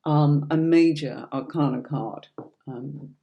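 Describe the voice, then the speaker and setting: A warm, low voice that takes its time belongs to a Yorkshire woman teaching tarot on a livestream. She has a faint Yorkshire accent and a chatty, reassuring manner, and she calls her viewers darling.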